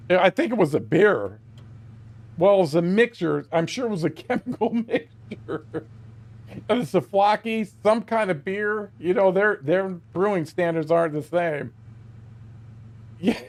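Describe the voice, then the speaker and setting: Man, high-pitched, slow talker, gaming streamer, laughing while telling a crude story, swears a lot. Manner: laughing through a rambling anecdote; exclaims often, profane.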